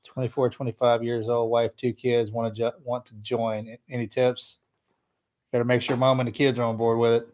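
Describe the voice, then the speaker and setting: A man's voice: medium pitch, level tone, moderate pace, a little mellow. Joking man reading viewer questions. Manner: joking, reads questions aloud. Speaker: podcast co-host reading viewer comments. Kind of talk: casual live-stream chat.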